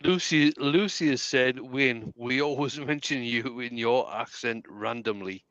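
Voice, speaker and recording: A man's voice: medium pitch, a little slow, fairly bright tone, smooth, dry recording, dull audio. A man with a County Durham accent, chatting and telling stories on a live stream, laughing and repeating words as he goes. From County Durham, England. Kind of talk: casual chat.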